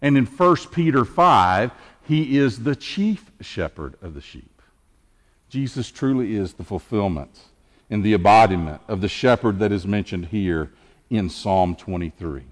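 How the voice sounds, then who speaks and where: A man's voice: on the low side, lively intonation. Earnest male pastor in a reverberant sanctuary. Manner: earnest, measured preaching with emphatic pauses. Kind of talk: Easter sermon.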